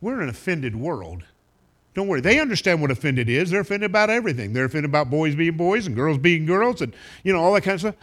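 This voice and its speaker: A man preaching a sermon to a congregation, animated and emphatic, sometimes acting out the voices of others. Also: a little high, fast talker. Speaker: pastor.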